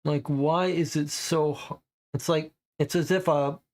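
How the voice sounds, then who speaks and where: A slow-talking man with a gravelly edge to his fairly high voice. He chats casually through a co-op mystery game, rereading clues aloud and puzzling over them. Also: fairly even intonation, darkish tone. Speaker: co-op game player. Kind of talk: casual live-play chat.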